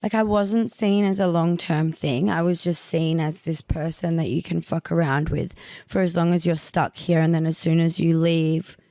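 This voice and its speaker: A woman's voice: low-pitched, fairly even intonation, moderate pace, dark tone, no room sound. Blunt young woman, dry close sound. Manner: frank and blunt, heavy on fillers like "like". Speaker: podcast host. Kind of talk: candid personal monologue.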